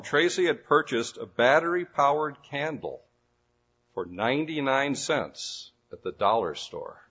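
A man preaching, telling a vivid story and building suspense with pauses. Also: medium pitch, fairly bright tone, slightly rough. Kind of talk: dramatic storytelling sermon illustration. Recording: dull lo-fi recording.

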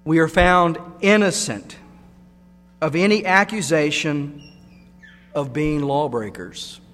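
A man's voice: fairly high pitch, slow pace, a bit bright. A man preaching a sermon, emphatic and repeating key words for stress. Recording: long hall reverb with mains hum.

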